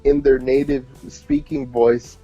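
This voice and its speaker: A man's voice: medium pitch, flat delivery, slow, dark tone, soft background music. An American man with a slight New York-tinged accent, a musician guest chatting casually and playfully in an interview over slightly muffled audio. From Connecticut, USA. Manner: chatty, laughing, playful impressions.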